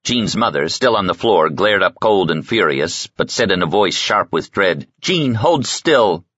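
A man narrating an audiobook in a steady, measured storytelling voice. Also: low voice, no echo, muffled recording. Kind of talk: scripted narration.

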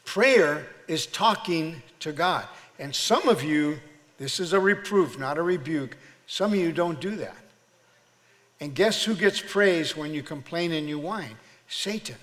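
A man's voice: a little high, animated, unhurried, a bit bright. A man preaching a sermon as pastor, exhorting his church in a preacherly call-and-response manner. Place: church sanctuary. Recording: long reverb of a church hall.

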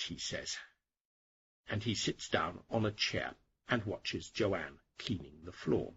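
A middle-aged man hosting an English-learning podcast, narrating a lesson slowly and clearly for learners. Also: low-pitched, animated, fairly bright tone, highs cut off. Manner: slow, clear and deliberate for learners. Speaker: English teacher, podcast host.

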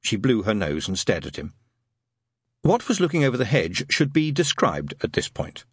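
A man narrating a comic novel as an audiobook, wry and expressive, switching into character voices. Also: lowish voice, moderate pace, husky, no room sound, studio quality.

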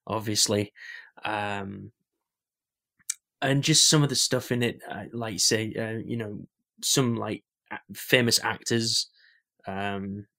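A young man with a lowish voice, chatting casually as a podcast co-host. He rambles with many fillers and restarts, talking about whatever comes to mind. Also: steady tone, slow pace, vocal fry, pauses often, bright, forceful tone. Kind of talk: casual chat.

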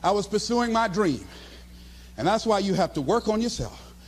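High, impassioned male motivational speaker. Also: lively intonation, normal speed, big-room sound. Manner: impassioned, preacher-like, often shouting. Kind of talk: motivational speech.

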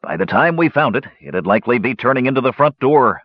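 A man voicing a proud, gruff old male dwarf warrior in an audiobook, with a scornful manner. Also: mid-range voice, sing-song, a little fast, no room sound, lo-fi sound, pitched above the performer's own voice. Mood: dry.

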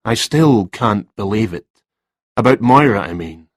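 A man's voice: on the low side, expressive, measured pace, no echo, clean studio sound. A man reading a story, voicing a flustered, distracted male writer who talks hesitantly.

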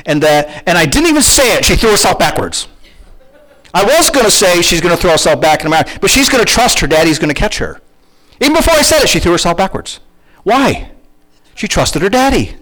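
A middle-aged man preaching a sermon, asking the congregation questions in a conversational, animated way. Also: high voice, brisk, low-quality recording. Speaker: pastor.

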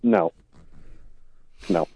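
A man's voice: drawn-out words, background noise. A man calling in to a radio show over the phone, chatty and rambling with lots of fillers. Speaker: caller. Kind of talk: casual phone-in chat. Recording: tinny phone line.

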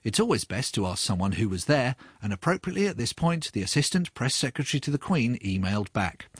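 A man's voice: medium pitch, breathy edge, no room sound. A man narrating a documentary with a wry, inquisitive manner. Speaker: podcast presenter.

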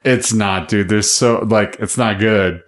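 A man co-hosting a casual podcast chat, excitable and profane, laughing often. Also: fairly low pitch, measured pace. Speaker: podcast co-host.

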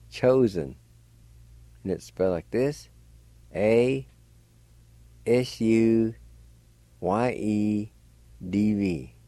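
A man with a low-leaning, mellow voice teaches language over the radio with no echo. He slowly and patiently spells out words one letter at a time and says how each is pronounced.

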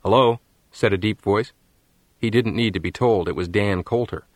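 A man reading a story aloud in scripted narration, with a measured storytelling manner. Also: on the low side, dry recording. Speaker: audiobook narrator.

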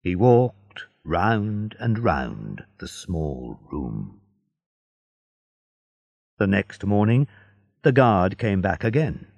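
A man reading a simplified story aloud for learners in a slow, deliberate, expressive way. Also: low voice, gravelly, no room sound. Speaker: narrator. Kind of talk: scripted narration for learners.

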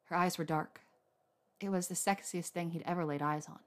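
A woman narrating a romance story aloud in a soft, unhurried reading voice. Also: fairly low pitch, steady tone. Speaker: audiobook narrator.

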